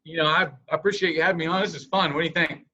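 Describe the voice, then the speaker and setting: A man's voice: on the high side, steady tone, very fast, pushed and bright, muffled recording. A man giving a sales training presentation over a call, coaching listeners and acting out example scripts in different tones.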